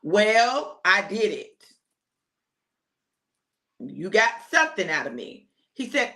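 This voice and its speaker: A middle-aged pastor and prophetic speaker delivers an informal sermon on a live stream, talking in a lively, conversational way and calling her listeners y'all. Her preaching is slow, with long pauses, full of folksy phrasing, and emphatic, climbing to a high pitch when she wants to stress a point.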